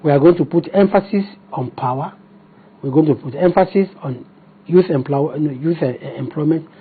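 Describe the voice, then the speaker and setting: A man's voice: on the high side, narrow, tinny audio. A Nigerian-accented man speaking as a party spokesman in a TV interview, combative and firing off rhetorical questions.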